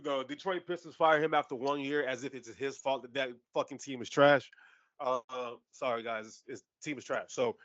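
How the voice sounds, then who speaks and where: A man's voice: mid-range voice, no room sound, highs cut off. A man co-hosting a sports podcast, talking casually with lots of swearing and laughter. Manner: animated, profane, laughs often. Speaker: podcast co-host.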